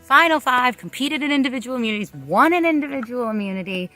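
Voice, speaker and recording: A woman's voice: on the high side, animated, fast, bright, forceful tone, soft background music. A woman speaking as a reality game contestant in a candid confessional, frank and blunt, swearing freely.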